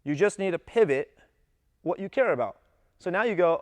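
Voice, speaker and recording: Animated man explaining coaching ideas. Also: sits high, normal speed, no echo. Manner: animated, acts out athletes' voices in quotes. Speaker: gymnastics coach. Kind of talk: casual coaching talk to camera.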